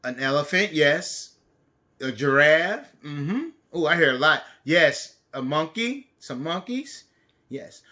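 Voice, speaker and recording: A male teacher reading a picture book aloud and teaching young children, playful and animated, talking to the kids. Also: on the high side, slow pace.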